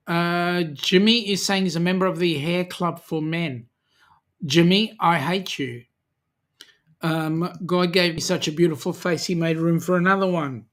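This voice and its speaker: A man with an Australian accent hosts a relaxed live chat and reads out viewer comments. He talks slowly, breaks his sentences with "um", and welcomes each viewer warmly by name. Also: fairly high pitch. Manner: slow, friendly, with many "um"s, greeting viewers by name. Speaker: livestream host reading viewer chat.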